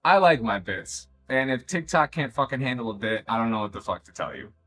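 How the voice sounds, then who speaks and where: Animated man chatting on a livestream. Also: medium pitch, a little fast. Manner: animated, swearing, incredulous outbursts. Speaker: livestreaming painter. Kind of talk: casual livestream chat. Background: background jazz music.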